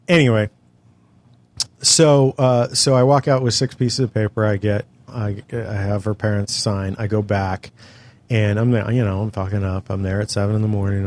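A man's voice: fairly low pitch, darkish tone. A middle-aged man from California telling a long story in casual chat, exasperated and full of profanity. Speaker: podcast co-host telling a story.

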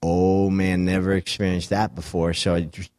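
A man's voice: low voice, flat delivery, normal speed, a little mellow, no echo, studio quality. A middle-aged man telling a wild story in casual chat, swearing and acting out the voices of the people in it. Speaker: guest.

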